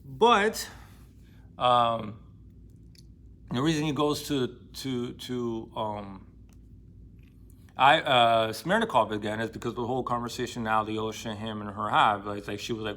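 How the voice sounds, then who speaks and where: A man's voice: mid-range voice, a little slow, pauses often, fairly bright tone. A man casually retelling a novel's plot in loose, slangy speech full of fillers and restarts. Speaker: book discussion vlogger. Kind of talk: casual spoken book recap.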